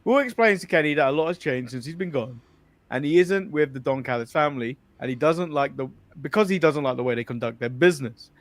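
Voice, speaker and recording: A man's voice: fairly high pitch, animated, quick pace. An English man co-hosting a casual wrestling podcast, joking, swearing freely and laughing often. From England. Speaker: co-host.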